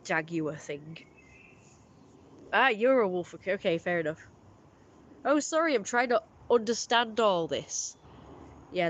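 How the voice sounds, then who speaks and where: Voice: medium pitch, a bit bright, slight background noise. A livestream host chatting casually with viewers and reading their messages, rambling and often correcting themselves in a friendly way.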